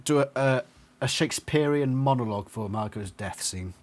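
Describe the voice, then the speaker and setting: A man's voice: medium pitch, moderate pace, a little hiss or hum. A man hosting a casual chat, joking and teasing himself. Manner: joking, self-mocking banter. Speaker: host.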